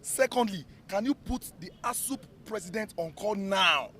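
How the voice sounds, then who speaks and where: A man's voice: high voice, expressive, moderate pace, bright, forceful tone, a little hiss or hum. A man with a Nigerian accent leading a student protest, pressing an official with repeated, emphatic demands outdoors. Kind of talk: heated protest confrontation. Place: outdoors at a ministry among a crowd.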